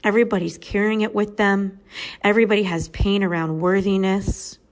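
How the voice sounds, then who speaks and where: A woman's voice: mid-range voice, level tone, moderate pace. A woman in her thirties hosting a podcast, telling a personal story in a candid, conversational way. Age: 30s. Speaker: podcast host.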